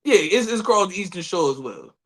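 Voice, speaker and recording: A man's voice: high voice, lively intonation, fast talker, fairly bright tone. A man with a DC-area accent, co-hosting a podcast in casual, profane chat and acting out other people's voices. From Washington DC area. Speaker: podcast co-host.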